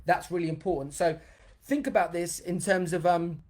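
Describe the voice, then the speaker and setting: A man's voice: high-pitched, normal speed. Upbeat man leading a live session. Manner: energetic and chatty, reads viewer comments aloud mid-talk; bursts into loud cheers for emphasis. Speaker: dance educator hosting a live online session. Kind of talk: live-streamed motivational workshop.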